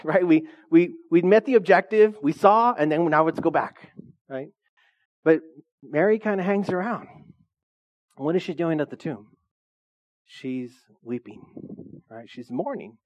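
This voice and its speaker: A man's voice: fairly high pitch, animated, normal speed, darkish tone, muffled recording. Joking male pastor preaching. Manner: joking asides to the congregation. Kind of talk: sermon.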